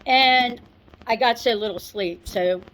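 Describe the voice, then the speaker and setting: A middle-aged woman recounting a personal memory to an audience in an unhurried, conversational way, with asides and small laughs. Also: fairly high pitch, fairly bright tone, a little hiss or hum, rough recording. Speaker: storyteller. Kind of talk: personal recollection, told to an audience.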